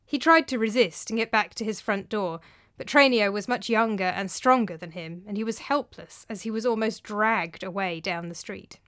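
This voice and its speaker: A woman's voice: medium pitch, normal speed, no echo, clean studio sound. A woman narrating a storybook tale expressively. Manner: expressive, animated. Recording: faint background music.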